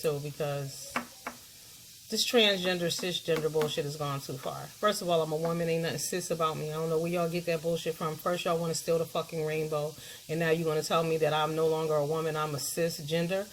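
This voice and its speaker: A woman's voice: sits low, fairly even intonation, fairly quick, slight background noise. A middle-aged woman, ranting bluntly and profanely as a commentary vlogger, talking straight to her viewers.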